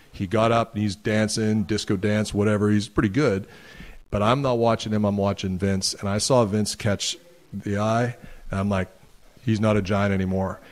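A man guesting on a podcast, telling stories in a casual, animated way and acting out other people's lines. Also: lowish voice. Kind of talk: casual storytelling.

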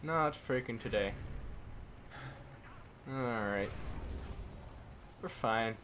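A man's voice: medium pitch, drawn-out words, background noise. A man commentating his own shooter gameplay, talking to himself and swapping in mild words for swears. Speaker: gaming commentator. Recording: gunfire game audio behind the voice. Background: game gunfire.

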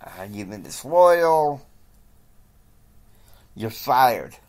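A man voicing a furious young male CEO who shouts his tirades in a raised, loud voice. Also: expressive, measured pace. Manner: shouting tirades, higher and louder than the narration.

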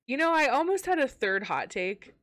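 A woman co-hosts a relaxed book chat with a lively voice that swings up and down. She laughs a lot, agrees readily and reads viewer comments aloud, and the sound is dry and close. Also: sits high, normal speed, dry recording. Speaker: podcast co-host. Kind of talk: casual book-club chat on a livestream.

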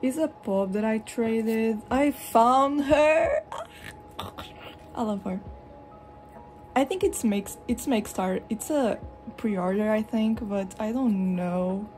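A young woman from Europe chatting casually at home while showing her collection, rambling and expressive, slipping into animated retellings. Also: medium pitch, takes it slowly, faint music behind. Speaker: vlogger. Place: hot room at home with a fan running.

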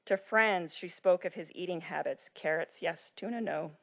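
Woman lecturer reading aloud, lower voice. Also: normal speed. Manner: expressive reading, then loose talk with many ums. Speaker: medical ethics lecturer.

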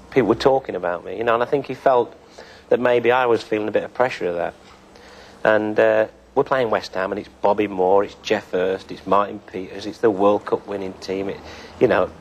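An older man, a former footballer, telling stories in a relaxed interview style, with many fillers. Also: on the low side, a little fast, highs cut off. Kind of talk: reminiscing interview.

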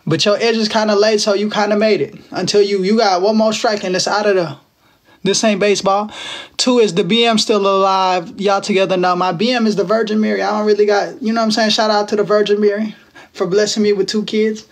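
A man's voice: sits high, flat delivery, a little fast. A man in his twenties from Texas, chatting casually and teasing viewers on a phone livestream, with playful, slangy banter. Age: 20s. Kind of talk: casual live-stream chat with viewers.

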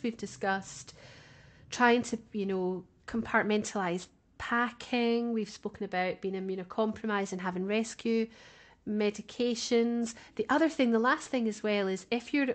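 A woman co-hosting a podcast, talking casually and chattily and laughing often. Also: fairly high pitch. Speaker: podcast co-host.

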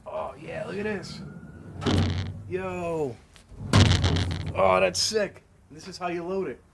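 A man giving a casual running commentary as he works, excitable, exclaiming and thinking aloud into a camera mic held close. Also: sits high, slow pace, creaky. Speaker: vlogger restoring a vending machine. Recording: noisy background hiss.

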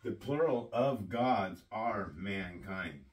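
A man preaching a sermon-style teaching, slow and deliberate, often asking his listeners questions. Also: fairly low pitch, animated, far from the mic, low-quality recording.

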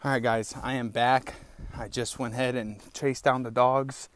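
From his small rural outdoor hideout, a young podcast host talks at normal speed in a flat, medium-pitched voice over slight background noise. His casual solo episode is loose and rambling, a bit breathless, peppered with "bro" and "man."

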